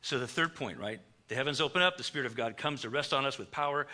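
A middle-aged man preaches in a storytelling way, bringing every story to life by acting out the voices he quotes. His voice has a very bright, sharp edge, and it sits at a medium pitch. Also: fast, hardly any pauses. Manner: animated, acts out quoted dialogue. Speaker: pastor. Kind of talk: storytelling sermon.

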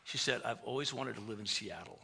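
A middle-aged male pastor preaching a storytelling sermon, animated, acting out the dialogue he quotes. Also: medium pitch, fairly quick, creaky, breathy edge.

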